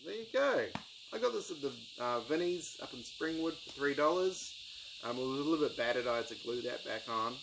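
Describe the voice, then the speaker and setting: A man talking casually about books from his shelf on his channel, rambling and enthusiastic with many pauses and ums. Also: medium pitch, lively intonation, gravelly, noisy background. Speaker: book-collecting YouTuber. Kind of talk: casual book review vlog.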